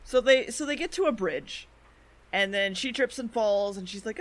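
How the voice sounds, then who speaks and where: A woman co-host recaps anime episodes in casual podcast chat. She talks in a loose, chatty way, dropping fillers and quick quoted asides from the characters. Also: mid-range voice, a bit bright.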